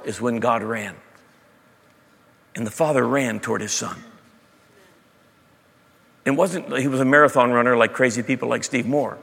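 A man's voice: mid-range voice, gravelly, fairly bright tone, big-room sound. A male preacher giving a dramatic storytelling sermon, asking the audience questions as he retells a parable.

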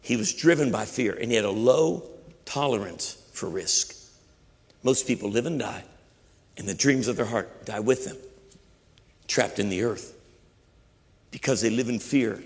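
A pastor preaching a sermon with emphatic repetition and shifting voices. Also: male voice, mid-range voice. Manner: emphatic preaching, repeats phrases, quotes voices. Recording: long hall reverb.

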